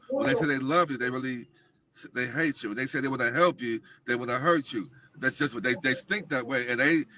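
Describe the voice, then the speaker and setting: A man's voice: medium pitch, sharp tone, slight background noise. A man talking as a guest on a livestream talk show, speaking emphatically and insistently.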